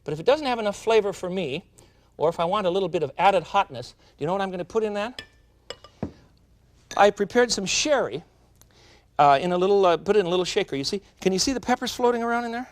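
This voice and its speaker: Guy hosting a cooking demo, kinda high voice that bounces all over, folksy and chatty, faint hiss behind. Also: fast talker, pauses often. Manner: chatty, folksy and animated, addressing viewers directly. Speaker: TV cooking show host. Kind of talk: cooking demonstration. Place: studio kitchen.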